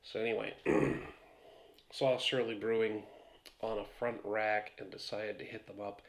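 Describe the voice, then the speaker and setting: Low gravelly-voiced man reviewing beer. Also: little pitch movement, a little slow. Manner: rambling, swears casually. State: a few beers in. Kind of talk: casual beer review vlog.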